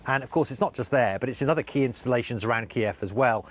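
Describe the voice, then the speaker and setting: A male correspondent reporting live in a news interview, earnest and halting with many restarts. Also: mid-range voice.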